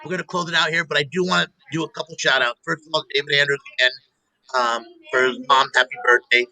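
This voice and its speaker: A man hosting a show, chatting casually and telling animated stories with laughter. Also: a little high, fast, no echo, rough recording. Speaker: show host. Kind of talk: casual chat.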